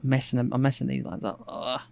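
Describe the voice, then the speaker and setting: A man with an Australian accent, softened by some English RP, chats casually and rambles aloud while sketching on a live stream, with plenty of fillers and restarts. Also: medium pitch, very fast, vocal fry, dry recording. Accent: Australian, with some English RP picked up. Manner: relaxed and rambling, thinking aloud with many fillers. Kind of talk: casual narration while drawing.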